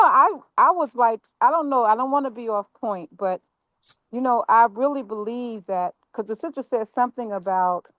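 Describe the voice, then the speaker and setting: A woman's voice: fairly high pitch, dry recording, lo-fi sound. A woman in a casual group discussion, speaking politely and a little hesitantly as she works through her thought.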